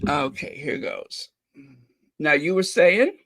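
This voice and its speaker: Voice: medium pitch, animated, takes it slowly, a bit bright. A channel host giving chatty, opinionated commentary with laughing asides. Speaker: host of a royal news channel. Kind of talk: casual commentary.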